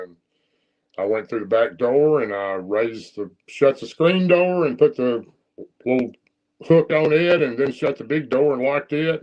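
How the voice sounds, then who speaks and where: A man's voice: medium pitch, a little mellow, lo-fi sound. A man with a Southern US accent telling a personal encounter story in a plain-spoken, rambling, folksy way. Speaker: guest storyteller.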